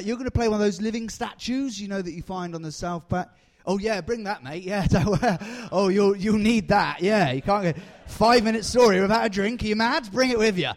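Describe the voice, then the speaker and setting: A man telling a comic story on stage, chatty and self-mocking as he pulls volunteers from the audience. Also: high-pitched. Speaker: comedian and storyteller. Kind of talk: live comedic storytelling. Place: comedy stage before a live audience.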